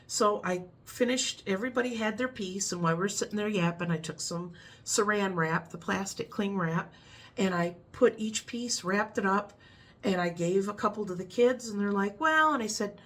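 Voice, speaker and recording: A woman's voice: medium pitch, normal speed, fairly bright tone. A middle-aged woman with a Midwestern American accent, chatting casually to camera in a rambling way and laughing at her own stories. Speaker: vlogger.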